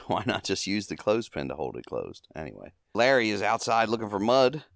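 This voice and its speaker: A man's voice: on the low side, expressive, normal speed, vocal fry, no room sound, studio quality. A man hosting a podcast, casually recapping and reviewing an old comedy short, chuckling often as he retells the gags. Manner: chuckling often, acting out quoted lines.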